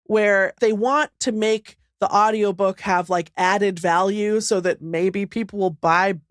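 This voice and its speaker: A woman's voice: medium pitch, steady tone, unhurried, no echo, studio quality. A woman co-hosting a casual podcast, talking in a rambling, self-deprecating way and often laughing. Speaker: podcast co-host. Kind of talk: casual chat.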